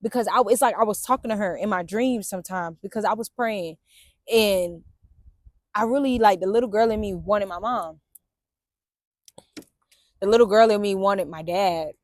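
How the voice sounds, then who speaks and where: Speaking at medium pitch and a moderate pace, this young vlogger leaves long pauses, and the recording is dry and studio quality. Outdoors in sun and wind, the Navy veteran tells her story straight to viewers, addressing them as "y'all" in a casual, profane, slang-filled way.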